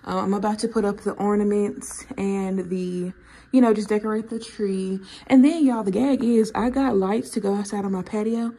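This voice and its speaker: A woman's voice: mid-range voice, steady tone, moderate pace, warm tone, rough recording. A woman in her twenties, a lifestyle vlogger, chatting casually and venting in slangy talk full of fillers. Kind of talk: casual vlog chat.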